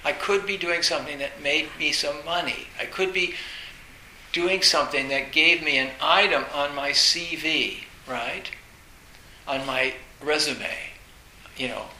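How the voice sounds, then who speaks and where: A man giving a Zen dharma talk, telling personal stories in a halting way, restarting words and laughing now and then. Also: a little high, sharp tone. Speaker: Zen teacher. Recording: echoey room with faint hiss.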